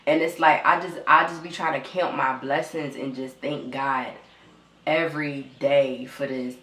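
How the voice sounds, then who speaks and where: Young woman vlogger, low voice, near tears, raw and repetitive, echoey room. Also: steady tone, a little slow, fairly bright tone. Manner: raw, repetitive, swears often, talks straight to viewers. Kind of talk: emotional storytime vlog.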